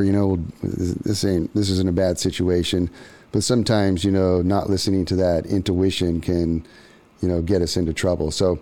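A man's voice: low voice, mellow. A man hosting a podcast, casually retelling a story from a book with many ums and restarts. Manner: loose, lots of ums and restarts. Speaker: podcast host.

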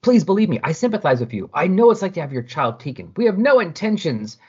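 A man's voice: high voice, very animated, fast talker, husky, dull audio, pitched above the performer's own voice, full character voice. A man voicing an anxious young woman leading a team, raised and pleading.

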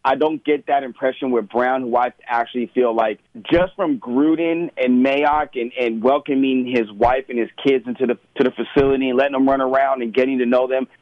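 A man's voice: medium pitch, steady tone, fairly quick, few pauses, no room sound. A man hosting a sports talk radio show, opinionated and conversational. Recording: tinny phone-like radio audio, dry.

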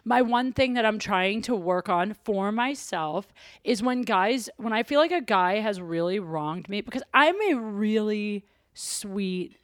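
A woman's voice: medium pitch, lively intonation, measured pace, no room sound, studio quality. A woman hosting a podcast, talking candidly and confessionally in casual chat. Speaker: podcast host.

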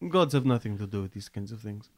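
A man taking part as a player in a tabletop game, dry and lively. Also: on the low side, quick pace, dry recording. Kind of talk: in-character tabletop play.

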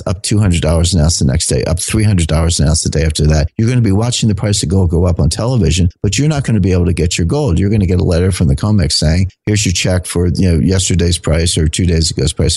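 A man, a podcast guest, explaining in a measured, lecturing way with rhetorical questions. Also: deep voice, a little mellow, slightly rough, dry recording.

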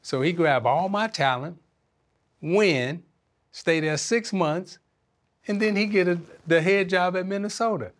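A man, talking as a guest in an interview, earnest and reflective and quick to laugh. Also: sits high. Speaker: interview guest, former basketball player and coach. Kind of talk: casual interview talk.

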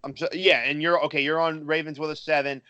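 A man co-hosting a sports betting show, talking through his pick in a measured way with frequent fillers. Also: a little high, little pitch movement, pushed and bright, dry recording, dull audio. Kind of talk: casual sports betting talk.

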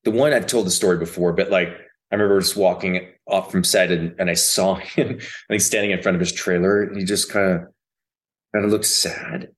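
A man who is an actor, a guest on a podcast, telling stories in a loose, profane, animated way. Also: low voice, moderate pace. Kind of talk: casual interview chat.

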